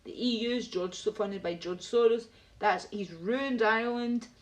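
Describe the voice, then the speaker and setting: A woman's voice: on the high side, measured pace. A woman chatting casually on a live stream, rambling and ranting while answering viewers by name.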